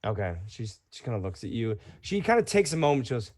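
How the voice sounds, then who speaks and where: A man's voice: mid-range voice, quick pace, few pauses, dry recording, clean studio sound. Man narrating as game master. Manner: casual, relaxed narration with fillers.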